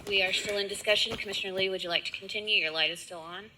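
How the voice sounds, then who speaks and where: A woman chairing a county commission meeting, brisk and procedural. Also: mid-range voice, steady tone, sharp tone, a little hiss or hum, low-quality recording.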